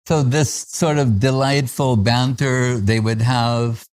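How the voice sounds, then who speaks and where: Man telling devotional anecdotes warmly. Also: medium pitch, clean tone. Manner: chuckles often while recalling stories, with frequent fillers. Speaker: spiritual teacher giving a festival talk.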